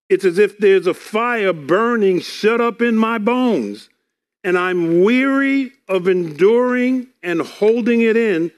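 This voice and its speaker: A man preaching a sermon, reading scripture aloud and explaining it earnestly, often repeating words. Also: high voice.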